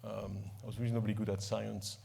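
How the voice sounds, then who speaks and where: Gravelly-voiced man. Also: on the low side, level tone, a little fast, mellow. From Ivory Coast. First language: French. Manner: emotional, self-deprecating humor, frequent restarts and repeated words. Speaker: company chief executive giving an award speech. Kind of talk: informal speech at an awards ceremony.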